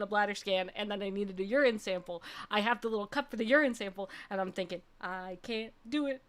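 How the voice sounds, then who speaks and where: A young woman VTuber telling a story in a casual, animated way, laughing often and checking in with "okay?". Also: on the high side. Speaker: VTuber streamer.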